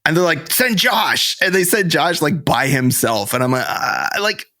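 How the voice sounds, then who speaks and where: A man with a fairly high, bright voice that swoops widely as he retells scenes in casual comedic chat. He lays on mocking quotes as a podcast co-host. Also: normal speed. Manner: animated storyteller, mocking quotes, swears.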